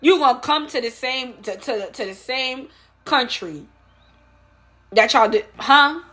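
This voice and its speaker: High, bright-voiced woman ranting. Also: a little slow. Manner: emphatic, repeats rhetorical questions, addresses viewers as y'all. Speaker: vlogger. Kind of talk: opinion rant to camera.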